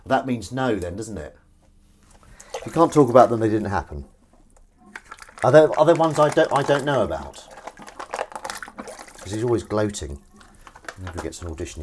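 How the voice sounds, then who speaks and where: A man rambles and teases in a relaxed, chatty way as he does the washing up on a live stream. His voice sits at a middling pitch. Clearly audible running water and clattering dishes fill the background of the kitchen. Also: noisy background. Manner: rambling, chatty, teasing, talks to chat while doing chores. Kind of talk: casual live-stream chat.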